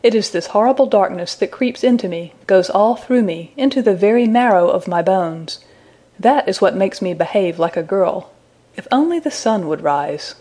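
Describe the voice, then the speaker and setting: A woman voicing a proud young man who is frightened of the dark, speaking sulkily and with scorn, in a storybook reading. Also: mid-range voice, animated, normal speed, lightly acted. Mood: sulky, scornful. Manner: sulky and scornful.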